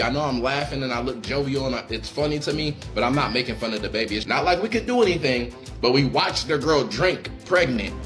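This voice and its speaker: Dude laughing while ranting, voice jumps all over, bit of music behind. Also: male voice, mid-range voice. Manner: laughing, mocking imitations, lively. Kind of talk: reaction commentary.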